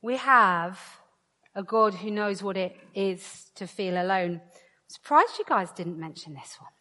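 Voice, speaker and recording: A woman giving an interactive sermon to her congregation. She jokes with the crowd, then slows right down to press her points. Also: medium pitch, lively intonation, bright, forceful tone. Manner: playful and joking with the crowd, then slow and emphatic. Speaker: preacher. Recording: long hall reverb.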